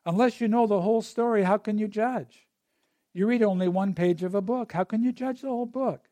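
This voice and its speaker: A man voicing a wise, calm old woodcutter who answers his neighbors with patient questions. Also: high voice, a little fast, no echo, close to an everyday voice. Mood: gently reproving.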